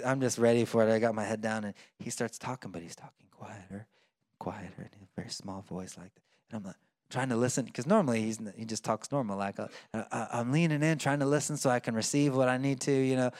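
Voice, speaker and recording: A man's voice: medium pitch, fast talker, dry recording, studio quality. A man preaching a sermon in a conversational way, with fillers and restarts. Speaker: pastor.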